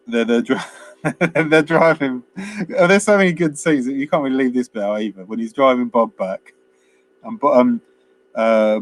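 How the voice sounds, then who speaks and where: A man, co-hosting a casual film review chat, rambling through scenes with quoted lines and frequent laughs. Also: mid-range voice. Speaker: podcast co-host.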